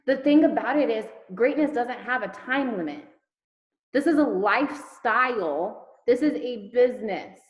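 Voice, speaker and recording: A woman's voice: fairly high pitch, animated, a little slow, reverberant, low-quality recording. A woman leading a network marketing team, giving an emphatic motivational talk over a video call, firing rhetorical questions and repeating words for effect. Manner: emphatic, rhetorical questions, repetition, casual swearing.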